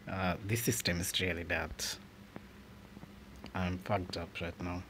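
Grumbling low-voiced man with noisy audio. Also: little pitch movement, a little slow. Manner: swears often, grumbles, outbursts. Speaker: gaming channel host. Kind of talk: frustrated gameplay commentary.

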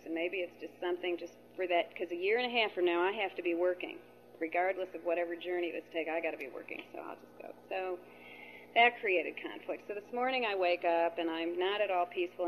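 A woman's voice: fairly low pitch, a little hiss or hum. A middle-aged woman sharing at a spiritual gathering, telling a tangled personal story with many asides and retold conversations. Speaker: participant sharing at a spiritual retreat. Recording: dull lo-fi recording.

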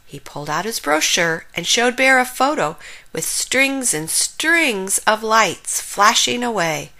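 A woman reading a children's picture book aloud, expressive and unhurried. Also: on the high side. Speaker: storyteller. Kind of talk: children's story read-aloud.

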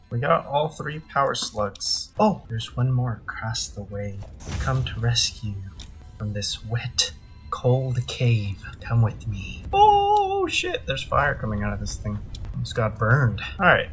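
A man commenting on his own gameplay, excitable and dramatic, swearing freely and joking about his own panic. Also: mid-range voice. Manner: self-deprecating, jokey panic. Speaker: gaming channel host.

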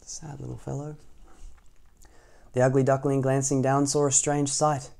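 A man reading a children's picture book aloud as the storytime host, adding gentle asides to young listeners. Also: mid-range voice, level tone, normal speed, vocal fry. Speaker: storytime reader.

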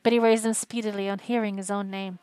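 A woman streamer reading a classic novel aloud in a steady, expressive manner. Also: medium pitch, quick pace, no room sound. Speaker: audiobook reader and streamer.

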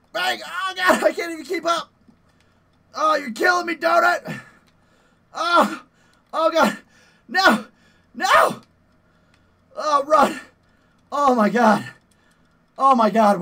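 High, gravelly, frantic gaming streamer man. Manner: frantic, yelling and playfully swearing at enemies. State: out of breath from push-ups. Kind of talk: live gameplay commentary.

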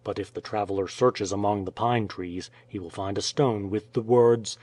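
A man reading an adventure story aloud as an audiobook narrator, in a steady storytelling manner. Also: lowish voice, normal speed, few pauses. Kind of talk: scripted narration.

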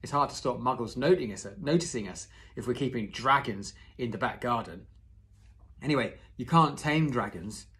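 A young schoolboy explaining the rules to his friends, voiced by a man reading aloud. The lines come out matter-of-fact and lecturing, louder than the narration. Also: mid-range voice, expressive, normal speed, natural voice.

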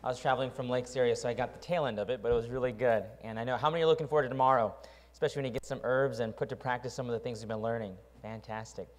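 A man, a pastor, making church announcements and leading a closing prayer in a brisk, upbeat way. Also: medium pitch, fairly even intonation, a little hiss or hum. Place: church hall. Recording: reverberant church hall.

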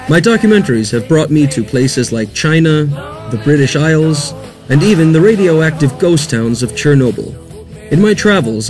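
Icelandic host doing a calm scripted voiceover, mid pitch, bit of guitar music under it. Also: male voice. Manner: measured documentary voice-over. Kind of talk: scripted narration. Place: voice-over.

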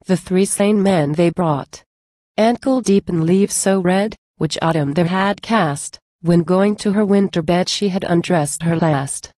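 A woman reciting a narrative poem in a measured, rhythmic reading. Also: lowish voice, dark tone, dry recording. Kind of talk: poetry recitation.

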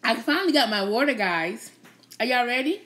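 A woman's voice: fairly high pitch, expressive, fairly quick, fairly bright tone. A woman hosting a casual live stream, chatting playfully with her viewers, teasing them and laughing often.

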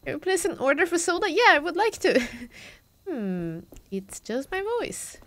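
Bubbly, high-voiced woman streamer. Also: big pitch swings, normal speed, a bit bright. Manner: chatty, reacts aloud to the game. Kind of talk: live gameplay commentary.

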